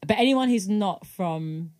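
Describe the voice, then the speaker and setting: A woman's voice: mid-range voice, expressive, measured pace, darkish tone. A young woman from South West London with a London accent, co-hosting a casual podcast chat and telling stories with acted-out quotes. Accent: London English. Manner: chatty, tells anecdotes with acted-out quotes. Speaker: podcast co-host.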